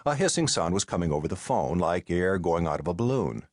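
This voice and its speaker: A man narrating a mystery audiobook in the first person, with a wry, deadpan way of telling the story, on a close studio mic. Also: deep voice, fairly quick, dry recording.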